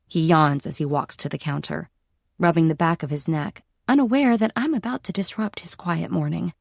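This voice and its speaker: A woman's voice: sits low, normal speed, gravelly, no echo, clean studio sound. A woman narrating a first-person audiobook in a wry, dryly humorous manner.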